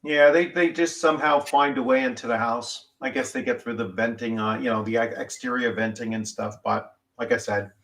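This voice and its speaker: A man's voice: medium pitch, steady tone, brisk, hardly any pauses, a bit bright. Rambling, easygoing man on a podcast. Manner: meandering, with many "uh" and "you know" fillers. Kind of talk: casual chat.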